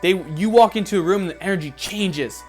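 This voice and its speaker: A man leading a guided visualization as a motivational speaker, emphatic and repetitive, rising to excited peaks. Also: sits high, brisk. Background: faint background music.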